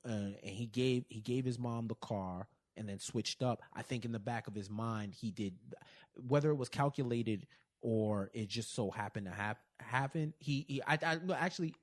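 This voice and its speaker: Animated man recapping a TV episode. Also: lowish voice. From Caribbean family. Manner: animated, quotes scenes and laughs often, many restarts. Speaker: podcast co-host. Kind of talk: casual TV recap chat.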